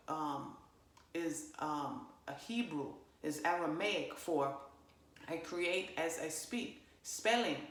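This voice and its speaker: A woman giving a casual spiritual monologue, swearing freely and talking with emphatic, animated energy. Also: fairly low pitch. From parents from Jamaica. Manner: profane, animated, emphatic, fillers. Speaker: spiritual channeler vlogger. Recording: roomy echo.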